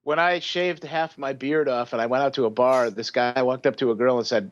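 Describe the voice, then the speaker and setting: A man's voice: medium pitch, steady tone, a little fast, no echo, dull audio. A man co-hosting a podcast, telling a story in laid-back casual chat. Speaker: podcast co-host.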